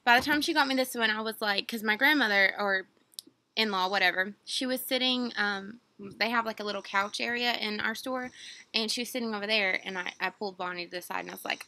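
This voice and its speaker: A woman's voice: mid-range voice, brisk, sharp tone. A young woman, rambling through a casual unboxing story full of fillers and quoted dialogue. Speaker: vlogger.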